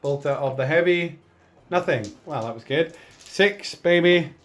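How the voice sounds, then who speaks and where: Chatty guy narrating his wargame turn, a bit high-pitched, pokes fun at himself, gets worked up over rolls. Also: normal speed. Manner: chatty, self-mocking, excitable over dice rolls. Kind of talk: casual battle report commentary.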